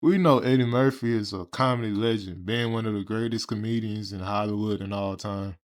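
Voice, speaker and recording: A man's voice: fairly low pitch, fairly even intonation, fairly quick. A young man reviewing a movie in a casual, crude and sarcastic manner, full of profanity. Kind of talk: casual video commentary.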